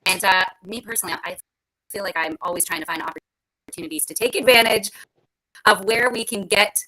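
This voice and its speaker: Bright upbeat woman on a robotic mic. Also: mid-range voice, brisk, poor audio. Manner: upbeat and encouraging. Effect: garbled, robotic-sounding mic. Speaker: host. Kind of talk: casual panel talk.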